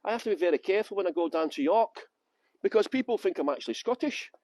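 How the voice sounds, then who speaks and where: A man's voice: high voice, animated, quick pace, darkish tone, no room sound. A man from West Yorkshire working as a tour guide, chatting and joking with viewers by name on a live-streamed walking tour outdoors on city streets. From Halifax, West Yorkshire, England.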